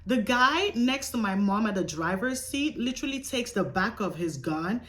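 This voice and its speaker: A woman's voice: mid-range voice, moderate pace. A young woman vlogger telling a dramatic personal story in a casual, emphatic way, swearing freely. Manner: animated, profane, emphatic retelling.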